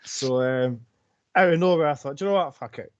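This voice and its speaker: A man's voice: medium pitch, fairly quick, no room sound, muffled recording. A man co-hosting a casual podcast, rambling with many fillers. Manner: rambling, mumbles asides. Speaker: podcast co-host. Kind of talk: casual chat.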